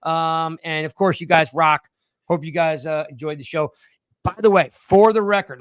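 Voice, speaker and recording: A fairly high-voiced man in his forties hosts a relaxed live-stream chat. He rambles, jokes and restarts his sentences often. The sound is close and dry. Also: normal speed, no room sound. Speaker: podcast host.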